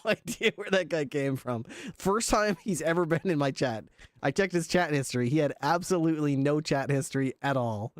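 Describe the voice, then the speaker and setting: A man's voice: on the high side, clear, resonant tone, no echo, studio quality. A man livestreaming, chatting casually with his viewers, laughing often and swearing. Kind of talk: casual chat with stream viewers.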